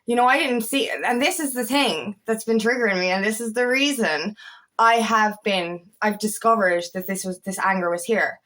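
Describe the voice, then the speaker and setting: An empowerment coach delivers a candid personal monologue, speaking emphatically, swearing often, and sometimes raising her voice. She has a mid-range, slightly bright voice at a moderate pace.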